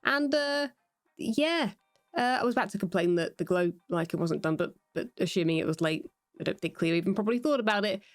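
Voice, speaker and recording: A woman's voice: medium pitch, animated, brisk, dry recording, studio quality, faint music behind. A British woman giving casual, playful gameplay commentary as a Minecraft YouTuber. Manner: chatty and playful.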